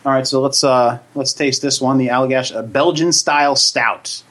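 A man's voice: medium pitch, fairly even intonation, normal speed, a bit bright. A man co-hosting a casual beer tasting stream, teasing his co-host and slipping into a mock infomercial delivery. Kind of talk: casual joking beer review chat.

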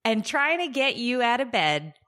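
A woman's voice: fairly high pitch, big pitch swings, moderate pace, sharp tone. A woman co-hosting a podcast in casual chat, teasing her co-host in a dry way.

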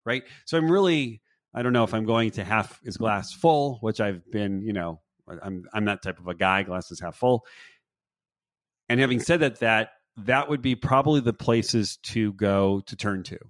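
A man with a low voice hosts a podcast chat, feeling his way through his thoughts in halting, repeated phrases. The sound is close and dry, with no room around it. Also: no room sound. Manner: halting, repeats words as he thinks aloud. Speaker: podcast host. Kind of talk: casual conversation.

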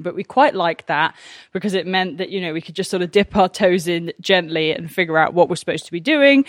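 A woman's voice: lowish voice, no room sound, studio quality. A woman farmer chatting casually in a rambling, self-mocking way as she vlogs from her farmyard. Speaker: farmer and vlogger. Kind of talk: casual vlog narration. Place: farmyard outdoors.

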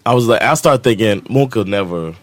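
Animated man telling a story. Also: on the low side, fairly quick, dry recording. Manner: animated, acts out voices in the story, laughs often. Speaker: podcast co-host. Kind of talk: casual storytelling.

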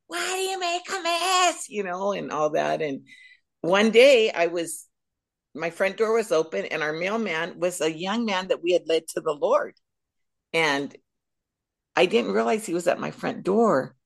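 Low gravelly woman telling her testimony. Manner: animated storyteller. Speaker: guest speaker. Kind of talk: personal faith testimony.

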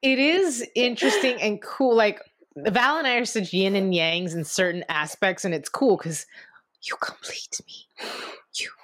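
A woman's voice: medium pitch, lively intonation, normal speed, a bit bright, dry recording, clean studio sound. A woman co-hosting a podcast, talking in a reflective, supportive way about her friend and herself. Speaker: podcast co-host. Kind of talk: casual podcast chat.

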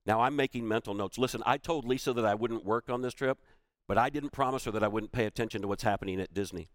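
A man's voice: fairly low pitch, fast talker, dry recording. A middle-aged man giving a storytelling keynote talk, acting out the quoted voices of the people in his story. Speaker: keynote speaker.

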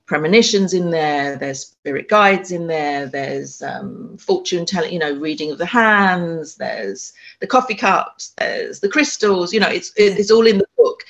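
A woman who is an author and spiritual medium tells her story in an interview, her voice lowish with a fairly bright tone. She speaks haltingly, with frequent ums and many restarts.

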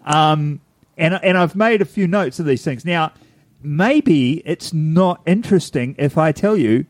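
A man's voice: fairly high pitch, animated, a little slow, no room sound. A man, co-hosting a podcast in casual chat, rambling and laughing at himself. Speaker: podcast co-host.

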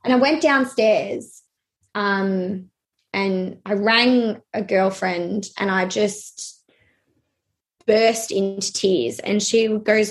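A young adult woman telling a personal story in an interview, hesitant and halting with many fillers. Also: medium pitch.

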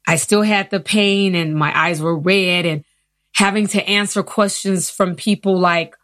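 A woman in her fifties telling her personal story in an interview, earnest and animated. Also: fairly low pitch, measured pace, no echo, clean studio sound. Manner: earnest, animated retelling with acted quotes. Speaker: interview guest.

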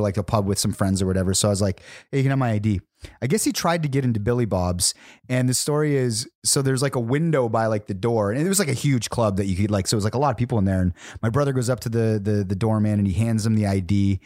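Animated man telling stories. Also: fairly low pitch, no room sound, studio quality. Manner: animated, laughing storyteller, acts out voices. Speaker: podcast host. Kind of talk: casual storytelling chat.

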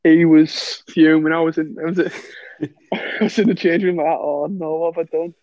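A man's voice: fairly high pitch, flat delivery, moderate pace, a little mellow, dry recording, dull audio. A young man and former footballer telling stories in casual podcast chat, laughing often and acting out what people said. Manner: chatty storyteller, laughs often, acts out quoted lines.

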